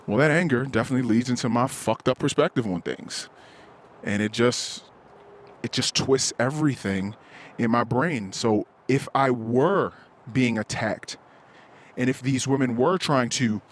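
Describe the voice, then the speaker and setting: A man hosting a podcast, talking candidly and self-critically in a rambling way, swearing often and acting out heated quotes. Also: mid-range voice. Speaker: podcast host. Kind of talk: candid solo podcast confession.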